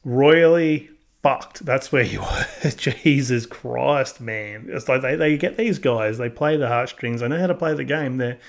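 A man's voice: medium pitch, measured pace, gravelly. A man hosting a show, reacting to a guest's story with blunt, crude, slangy comments. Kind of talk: casual commentary.

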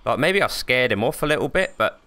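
A young man hosting a gaming channel, talking through a monster hunt with plenty of swearing and jokes. His pitch swings widely from low mutters to high yelps, and his tone is bright and forceful. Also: brisk. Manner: swearing, excitable, jokey, yelps when startled. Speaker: gaming YouTuber. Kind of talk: horror game commentary.

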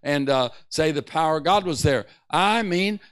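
Guy preaching a bible study sermon, kinda high voice, goes quiet then fired up, lots of uhs. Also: animated, moderate pace, clear, resonant tone. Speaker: pastor.

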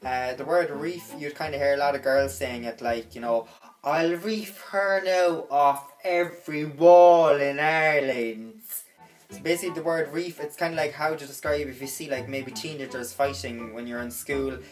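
A woman's voice: very deep voice, steady tone, a little fast, hardly any pauses, faint music behind. A young woman with a Cork accent, chatting through a casual slang lesson vlog with lots of "like" fillers. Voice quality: chatty, filler-heavy with frequent "like". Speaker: vlogger.

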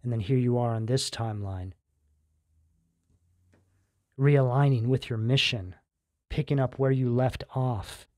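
A man doing a tarot reading in a loose, conversational way, often checking in with "right?" and filling pauses with "um". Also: mid-range voice, darkish tone, no echo, clean studio sound. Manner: conversational, keeps asking "right?", fillers. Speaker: tarot reader. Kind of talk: casual tarot reading monologue.

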